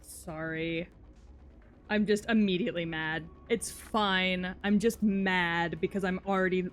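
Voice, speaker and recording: A woman's voice: fairly low pitch, fairly even intonation, unhurried, faint music behind. A young woman streaming live, chatting casually while she plays. She sounds exasperated, swearing and blurting out frustrated outbursts.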